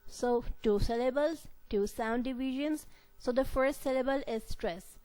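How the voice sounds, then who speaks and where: A woman lecturing on pronunciation, explaining slowly and repetitively and correcting herself as she goes. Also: on the high side, fairly even intonation, mellow, clean tone, low-quality recording. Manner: slow, repetitive explaining with frequent self-corrections. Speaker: English lecturer. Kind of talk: recorded university lecture.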